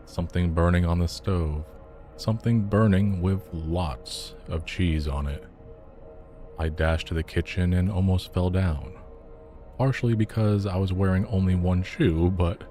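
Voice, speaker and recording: A man narrating a scripted horror story in a calm, measured way. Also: low-pitched. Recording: soft music under the voice.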